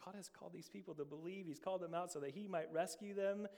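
A man's voice: sits high, fast, a little mellow, long reverb tail. A middle-aged man preaching a sermon as pastor, earnest, asking many rhetorical questions and often repeating words.

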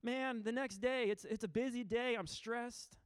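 A man's voice: very high-pitched, fairly even intonation, a little slow, smooth, dry recording, studio quality. A man in his thirties preaching a sermon in an earnest, informal way, often restarting his sentences. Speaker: pastor. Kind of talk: conversational sermon.

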